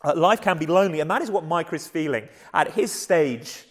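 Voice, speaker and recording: A hoarse man with an English accent, preaching a sermon in an earnest, conversational way with frequent repeated starts. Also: on the high side, animated, brisk, big-room sound. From England. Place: church.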